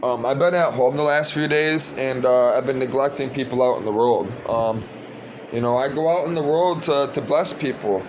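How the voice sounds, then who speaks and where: A man's voice: medium pitch, moderate pace, a little hiss or hum. A young man talking to the camera in a casual vlog, preaching and rambling as he repeats words while he searches for the next one. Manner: gets loud and excited when retelling a story. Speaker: vlogger.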